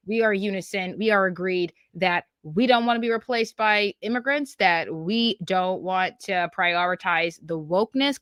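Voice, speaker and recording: Woman podcast host, punchy and repetitive political commentary, middle-pitched voice, dry close-up sound. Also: dry recording. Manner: animated and emphatic, repeats phrases, says "okay?" and "yo".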